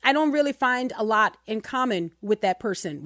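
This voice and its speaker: A woman's voice: fairly high pitch, lively intonation, moderate pace, fairly bright tone, dry recording, studio quality. A woman hosting a Christian radio talk show, talking in a passionate, emotional and emphatic way.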